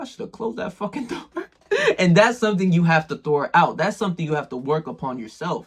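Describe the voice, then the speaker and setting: A man's voice: medium pitch, a bit bright, husky. A man talking straight to the viewer in a casual motivational monologue, full of slang and swearing. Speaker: self-improvement video maker.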